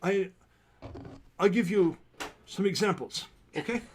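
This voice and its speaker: A man's voice: high voice, slow, a little hiss or hum, pitched above the performer's own voice. A man voicing a grand, theatrical troupe-leader father who talks in a persuasive, showy way. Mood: rousing.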